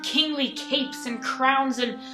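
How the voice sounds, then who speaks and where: A young woman telling travel stories in a chatty, excitable, geeky vlog. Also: high-pitched, slow, soft background music. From United States. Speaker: travel vlogger. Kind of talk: casual storytelling vlog.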